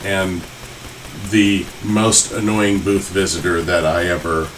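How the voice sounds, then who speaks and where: A man co-hosting a podcast in casual chat, rambling and joking, halting often with fillers. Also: low-pitched, fairly even intonation, recorded from a distance, noisy background. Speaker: podcast co-host.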